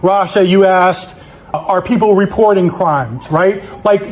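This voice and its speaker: A man's voice: high-pitched, a little slow. A man giving an angry, accusatory public comment speech, swearing as he denounces the police.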